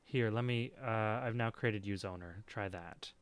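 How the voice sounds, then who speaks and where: A man's voice: on the low side, moderate pace, clear, resonant tone, faint music behind. A man running a tabletop game as game master, chatty and upbeat with many fillers.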